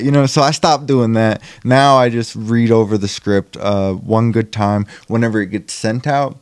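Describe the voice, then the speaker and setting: A man's voice: mid-range voice, fairly even intonation, moderate pace, hardly any pauses, smooth, dry recording. A young man chatting casually as a podcast guest about acting in indie films, rambling with lots of fillers and restarts. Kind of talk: casual chat.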